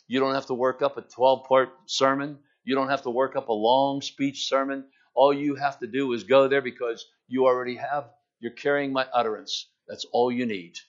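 A male preacher giving an animated, dramatic sermon and acting out scripture, in a slightly muffled recording. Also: mid-range voice, moderate pace, few pauses.

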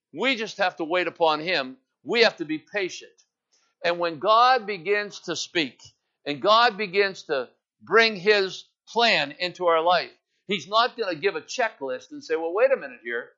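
High, bright-voiced male preacher. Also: animated, measured pace. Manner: emphatic preaching with rhetorical "Amen?" calls. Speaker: pastor. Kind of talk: sermon. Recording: dull lo-fi sound.

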